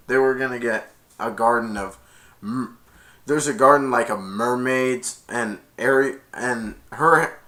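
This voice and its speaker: Casting: male reviewer, bright tone, rambling plot recap with self-corrections. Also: medium pitch. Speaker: movie reviewer. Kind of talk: casual movie recap.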